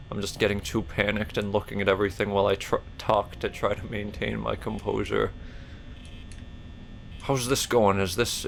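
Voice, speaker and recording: Gravelly-voiced man chatting through gameplay. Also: slight background noise. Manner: rambling, jokey, jumps to loud high yelps when startled. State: burpy while talking. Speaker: let's player. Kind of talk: casual gameplay commentary.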